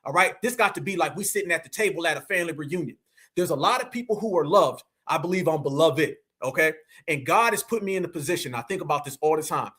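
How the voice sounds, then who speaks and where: Speaking quickly with lively intonation, an American activist hosts a livestream in a voice that's a little high and a bit bright. He delivers a rallying, preachy monologue, repeatedly calling his audience family.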